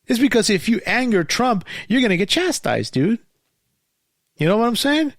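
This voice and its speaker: Male host, fairly high voice, heated profane rant, dry close recording. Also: big pitch swings, normal speed, no room sound. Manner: angry, profane, rambling with many restarts and fillers. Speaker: podcast host. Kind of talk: casual ranting monologue.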